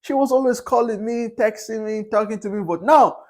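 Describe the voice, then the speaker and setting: High-voiced man rambling casually. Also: normal speed, a little mellow. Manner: candid, rambling, with frequent fillers and restarts. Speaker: vlogger. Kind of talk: casual opinion monologue.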